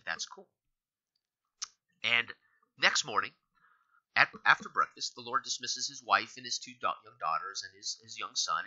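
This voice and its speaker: Man, game master, rambling session recap, very low sharp voice, dull lo-fi sound. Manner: rambling storytelling with many fillers. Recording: dull lo-fi recording.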